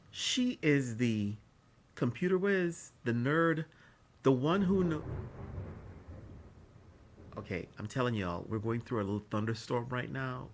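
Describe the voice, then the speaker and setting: A man vlogging at home, chatting casually about a series in a rambling, emotional way, with many fillers and restarts. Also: mid-range voice. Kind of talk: casual chat. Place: indoors at home during a thunderstorm.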